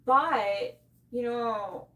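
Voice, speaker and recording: A woman's voice: on the high side, very slow, a bit bright, far from the mic. A woman, a mortician, in casual live-stream banter in a home studio room, dry and teasing. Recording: voice off-mic.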